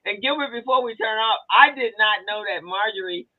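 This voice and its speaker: A woman's voice: on the high side, fairly quick, no room sound, phone-quality sound. A woman with an upstate New York accent, co-hosting a casual business chat show and talking in a chatty way full of fillers and restarts. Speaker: co-host. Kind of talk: casual video-call chat.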